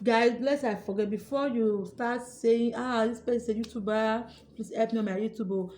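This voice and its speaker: Excitable woman vlogging to her viewers. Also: medium pitch. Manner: excitable storyteller, acts out her own shouts. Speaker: YouTuber. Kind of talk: casual vlog talk to viewers.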